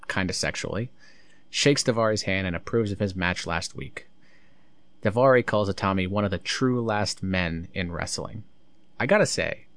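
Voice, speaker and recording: A man's voice: lowish voice, fairly bright tone, no room sound. A man recapping a wrestling show in casual commentary, blunt, sarcastic and swearing freely.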